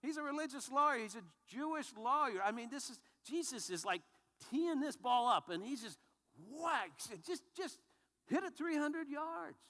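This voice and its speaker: A man preaching a sermon as pastor, telling the story in an animated way with frequent restarts. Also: extremely high pitch, normal speed, long reverb tail.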